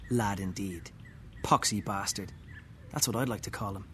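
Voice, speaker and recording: A man reading a first-person story aloud, slow and wry, with muttered, dry asides. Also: lowish voice, fairly bright tone, a little hiss or hum.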